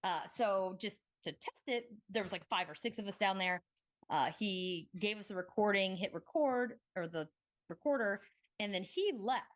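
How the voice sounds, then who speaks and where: A woman hosting a podcast, telling a story in a rambling, excitable, casual way and swearing now and then. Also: mid-range voice, moderate pace. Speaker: podcast host.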